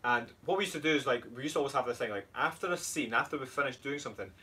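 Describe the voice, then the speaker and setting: A man's voice: mid-range voice, racing, sharp tone. A Scottish man co-hosting a casual chat, easygoing and explaining step by step. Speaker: co-host, fitness coach. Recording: distant mic, faint room noise.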